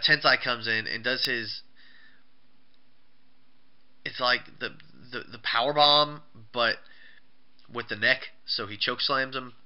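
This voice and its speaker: A man rambles through a casual recap of a show, stumbling over restarts and fillers. His voice sits at an ordinary pitch and sounds smooth. The recording is muffled and lo-fi. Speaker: wrestling show reviewer. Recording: dull lo-fi recording.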